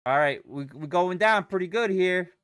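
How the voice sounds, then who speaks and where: A man's voice: high voice, lively intonation, moderate pace, fairly bright tone, clean tone, no echo, clean studio sound. A young man chatting casually on a live trading stream, swearing and rambling as he reacts to chat and charts. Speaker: livestream day trader.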